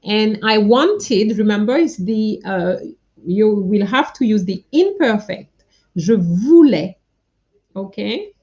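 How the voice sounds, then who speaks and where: A woman's voice: mid-range voice, sing-song, takes it slowly, darkish tone, dull audio. A woman teaching French in a live online lesson, patiently going through her students' answers and correcting them one by one.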